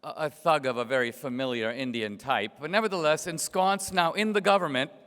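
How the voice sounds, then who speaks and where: Middle-aged guy giving a sardonic storytelling speech, smooth resonant voice, big echoey hall. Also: a little high, brisk, fairly bright tone. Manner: storytelling, sardonic, rhetorical questions. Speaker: invited speaker. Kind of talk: political speech to an audience. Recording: long reverb of a large hall.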